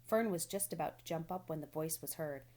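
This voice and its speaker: A woman reading a children's novel aloud in a gentle, even storytelling manner. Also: sits low, a little fast. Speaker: storybook reader.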